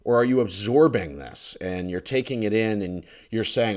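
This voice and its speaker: A man delivering a sarcastic, exasperated comedic rant, swinging between loud outbursts and muttered asides, recorded close up in his condo. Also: fairly low pitch, big pitch swings, normal speed, few pauses. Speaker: ranting commentator.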